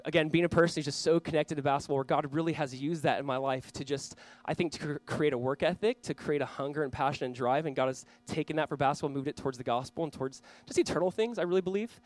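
A man in his thirties from Southern California, preaching a sermon in a conversational storytelling manner, reading scripture loudly and praying quietly. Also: a little high, quick pace, hardly any pauses. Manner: earnest, conversational, swings from loud reading to quiet prayer; storytelling with self-deprecating asides. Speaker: pastor.

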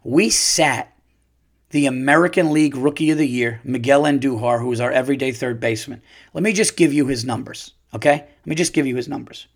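A man hosting a podcast, ranting loudly and profanely about sports. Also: medium pitch, brisk. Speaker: podcast host. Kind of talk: solo podcast rant.

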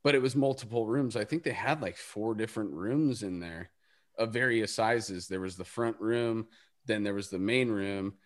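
A man with a fairly low voice hosts a casual talk. He rambles through his story with plenty of fillers and the odd curse word, never in a hurry to land the point. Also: normal speed. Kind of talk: casual chat.

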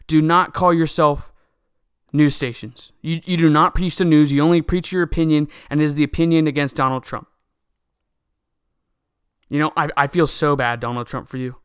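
A man's voice: fairly high pitch, fairly even intonation, normal speed, smooth, no echo, clean studio sound. A young man delivering a solo opinion rant, agitated and indignant, often repeating words and restarting sentences. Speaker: political commentator.

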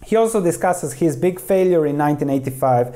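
A man with a warm, mellow voice talks through investing principles, pausing to read quoted passages aloud. His delivery is steady and explanatory, with frequent small restarts as he catches a word mid-way. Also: a little high. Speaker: investing commentator.

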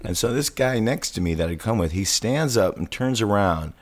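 A middle-aged man, a podcast host telling lively movie-theater stories in casual chat. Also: on the low side, moderate pace. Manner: animated anecdotes, acts out quoted shouts.

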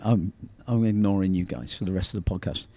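A man's voice: low voice, brisk, mellow, dry recording. A man co-hosting a coaching podcast, reading jokes aloud and teasing his co-hosts in a playful way. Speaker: podcast co-host.

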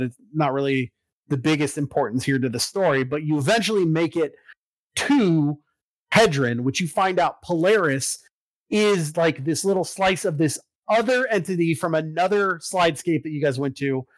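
A man in casual chat, recapping a video game story with lots of fillers and swearing, getting excited about it. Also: on the high side, normal speed, dry recording, rough recording.

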